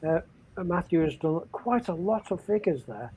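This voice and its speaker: A British man on a live stream, teasing his friends in a mock-serious tone. His voice sits a little high. Faint noise is heard behind him. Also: very animated, normal speed, dark tone, rough recording. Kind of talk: casual chat.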